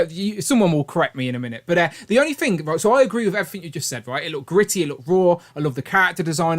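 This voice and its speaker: A man hosting a casual live-stream chat, talkative and joking. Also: a little high. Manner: chatty, quick, joking. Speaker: host.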